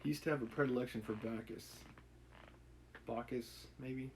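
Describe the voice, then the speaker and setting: A man's voice: mid-range voice, fairly even intonation, normal speed, slight background noise, rough recording. A man reading a classic novel aloud on a live stream, musing and correcting himself between passages in casual commentary. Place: home setup, live stream.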